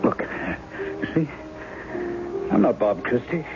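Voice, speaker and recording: A charming, easygoing novelist in his forties who teases and jokes, his voice lowish and swinging up and down with lively inflection. It comes through a dull, lo-fi old radio broadcast, with clear music underneath the 1970s radio drama acting. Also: moderate pace. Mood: confessional. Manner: teasing, easygoing, wry. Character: charming, self-mocking male novelist in disguise. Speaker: impostor posing as a woman's husband.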